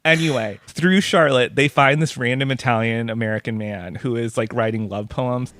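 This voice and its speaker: A man's voice: mid-range voice, moderate pace, a bit bright, dry recording, studio quality. A man talking as a guest in a casual interview, chatty, full of filler words and laughing often. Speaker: pop culture writer and guest.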